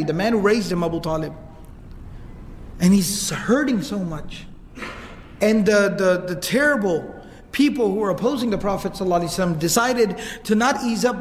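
High-voiced man telling a sermon story. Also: slight background noise. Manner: animated, repeats words while searching. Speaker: religious lecturer. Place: mosque hall, indoors. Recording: reverberant hall, faint ambience.

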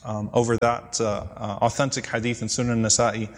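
A man's voice: mid-range voice, level tone, moderate pace. A man delivers a storytelling sermon, retelling old narrations. He quotes Arabic lines and then translates and explains them. His mid-range voice rings out with a long reverb, as if he is speaking in a large hall. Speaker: Islamic lecturer.

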